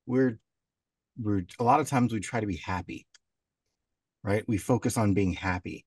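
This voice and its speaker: A man's voice: lowish voice, normal speed, a little mellow, husky, no room sound. A man talking reflectively in a casual podcast chat, building his point step by step. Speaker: podcast host.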